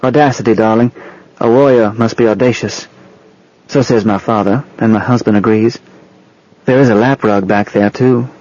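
A bold, affectionate young woman, playful and daring, as a male narrator puts her on. Her lines sit a touch higher and softer than the reading voice. The sound is muffled and lo-fi. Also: fairly even intonation, moderate pace, close to an everyday voice. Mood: tender.

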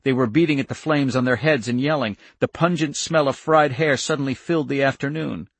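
A man's voice: medium pitch, a little fast, gravelly, no echo. A man narrating an audiobook in a tense, dramatic storytelling manner, close on the microphone.

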